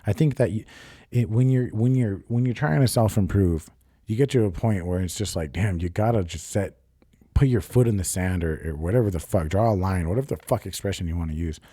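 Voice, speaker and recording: A man's voice: sits low, fairly quick, dark tone, husky, no echo, clean studio sound. A young man hosting a solo podcast, telling a personal story in a rambling, profane, confessional way. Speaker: podcast host. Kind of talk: casual solo podcast monologue.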